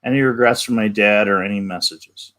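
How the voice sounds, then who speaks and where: Man, lower pitch, co-host, casual, halting, live stream. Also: bright, forceful tone. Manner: hesitant, lots of fillers. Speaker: co-host reading viewer questions.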